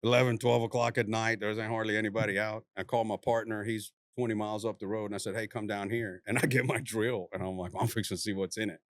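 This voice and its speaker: A man, a former narcotics task force officer, telling a story in a casual, animated way, laughing often and swearing freely. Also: fairly low pitch, quick pace, hardly any pauses, dry recording, studio quality.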